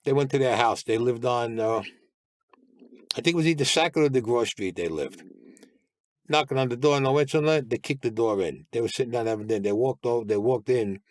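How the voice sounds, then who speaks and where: A man's voice: mid-range voice, a little fast, no room sound. An older man, a guest telling blunt, streetwise stories full of profanity. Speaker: interview guest. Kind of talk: casual storytelling.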